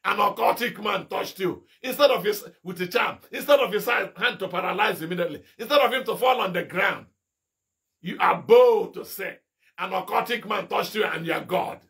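A middle-aged Nigerian evangelist preaches a fiery sermon, firing off rhetorical questions and bursting into shouted rebukes. His voice sits high and creaky, at a moderate pace.

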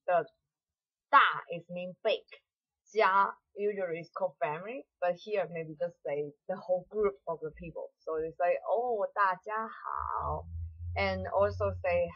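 A woman teaches a language lesson. She explains patiently in halting English and slows down to model each phrase. The recording sounds dull and lo-fi. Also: lowish voice, slightly rough. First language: Mandarin. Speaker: Mandarin teacher. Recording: dull lo-fi audio.

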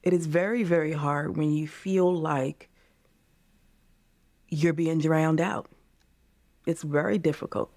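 A woman with a fairly low voice talks at a moderate pace, leaving long pauses, on a recording without echo. An American in her forties, she's a guest in a candid podcast interview, speaking passionately and earnestly and regularly calling listeners "you guys."

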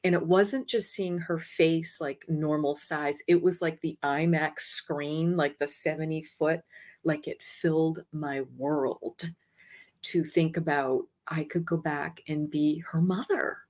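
Woman, slightly lower pitch, interview guest, animated storytelling, quotes herself, light laughter. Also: slow pace. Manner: animated, expressive, often quoting herself; laughs lightly while speaking. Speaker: interview guest, energy healer. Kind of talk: personal storytelling.

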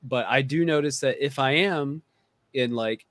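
A man's voice: medium pitch, measured pace, fairly bright tone. A man hosting a casual podcast chat who laughs often while joking. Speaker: podcast host.

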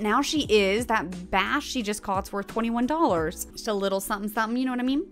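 A woman streamer giving bubbly, chatty commentary while playing a life-sim game, often gasping with excitement and talking to her viewers. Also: fairly high pitch. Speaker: gaming streamer. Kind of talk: casual gameplay commentary.

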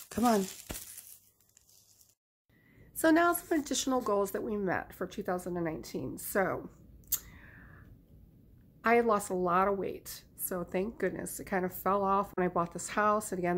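A woman's voice: mid-range voice, a little hiss or hum. A middle-aged woman talks straight to her vlog audience in a casual, upbeat way. She rambles a little, filling her sentences with ums and likes as she walks through her goals. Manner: chatty, upbeat, many fillers. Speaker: beauty vlogger.

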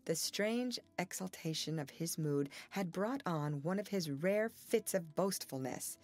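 A woman reading a classic novel aloud as an audiobook narrator, in a measured and expressive way. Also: on the low side. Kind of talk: scripted narration.

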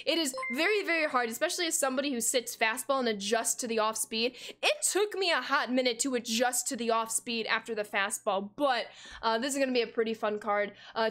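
A young woman in her twenties with a high, bright-pitched voice hosts a live game stream. She runs through game content and thanks viewers with upbeat, effusive energy. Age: 20s.

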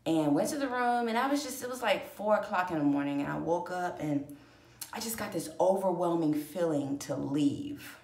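Woman vlogger, lowish voice, emotional rambling storytime, echoey room. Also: expressive, normal speed, darkish tone. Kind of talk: casual personal storytelling.

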